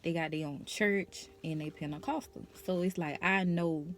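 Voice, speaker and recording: A woman's voice: on the low side, steady tone, moderate pace. A young woman vlogger speaking her personal testimony to camera, nervous and emotional, in a casual conversational way.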